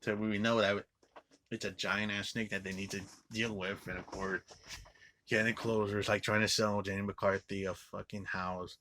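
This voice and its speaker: A man giving a casual, rambling movie review, swearing a lot and filling every pause with filler words. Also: fairly low pitch, flat delivery, bright, forceful tone, slight background noise. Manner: rambling, profane, filler-heavy with frequent "like".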